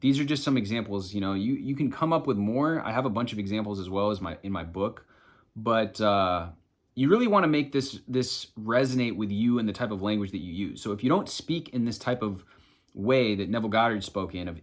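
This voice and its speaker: A man's voice: lowish voice, expressive, brisk. A man coaching viewers on manifestation in a loose, chatty way, swearing casually. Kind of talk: casual self-help explainer.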